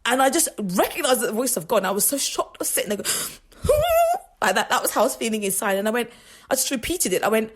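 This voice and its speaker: A woman's voice: fairly high pitch, racing, slightly rough. A woman hosting a faith radio show, telling personal stories in a chatty, rambling way with frequent laughs and restarts. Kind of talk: casual faith talk monologue.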